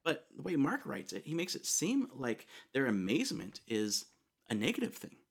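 A man's voice: medium pitch, huge pitch swings, normal speed, gravelly, slightly rough. A man preaching a sermon in a casual, conversational way, often asking "right?" and saying "like.". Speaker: pastor.

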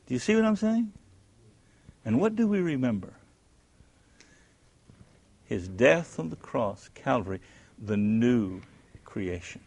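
A man teaching a Bible class who questions his listeners, answers himself, and swings between loud emphasis and hushed tones. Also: medium pitch, very animated, slow, long pauses.

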